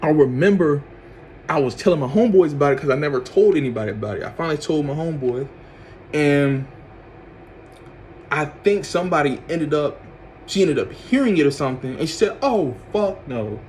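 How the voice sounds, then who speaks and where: Young man, casual storytime vlogger, lively, acts out his reactions. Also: a little fast, pauses often, a little hiss or hum. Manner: animated storyteller, acts out his own reactions with loud high outbursts and laughs.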